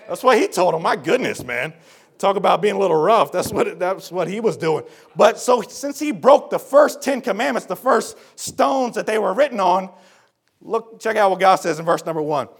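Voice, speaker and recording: A man preaching a sermon in an earnest, folksy way, calling his listeners folks and turning from low explanation to shouted appeals. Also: expressive, normal speed, vocal fry, breathy edge.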